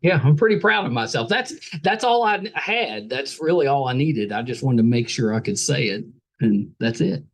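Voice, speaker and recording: Lively West Virginia host. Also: male voice, medium pitch, moderate pace, creaky. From West Virginia, USA. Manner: enthusiastic, jokey, repeats words. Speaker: podcast host. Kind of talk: casual interview chat.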